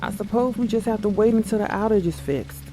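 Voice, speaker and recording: A man's voice: high-pitched, brisk, over music, pitched above the performer's own voice, close to an everyday voice. A man reading the lines of a polite male office worker speaking formally to a detective. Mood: deferential.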